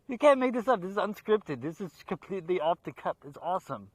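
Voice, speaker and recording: Excitable man hosting a horror movie show. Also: sits high, quick pace, hardly any pauses, no room sound. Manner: excitable, laughs a lot, jokey asides. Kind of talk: casual off-the-cuff intro. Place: outdoors in a park.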